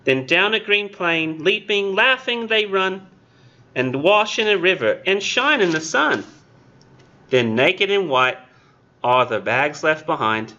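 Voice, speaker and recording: A man's voice: high-pitched, lively intonation, slow pace, sharp tone, dull audio, pitched above the performer's own voice, heavily acted. A man reading a poem aloud in a put-on British accent as a tiny young boy chimney sweep, in a sing-song nursery-rhyme lilt that drifts toward Australian. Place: classroom.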